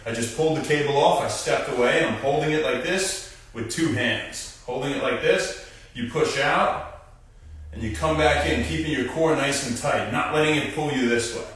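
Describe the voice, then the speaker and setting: A man's voice: medium pitch, moderate pace, fairly bright tone, far from the mic. A young man hosting a casual exercise demonstration as a physical therapist, who coaches viewers through core moves and talks to them directly. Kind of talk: live-stream exercise demonstration. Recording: very echoey room, voice off-mic at times.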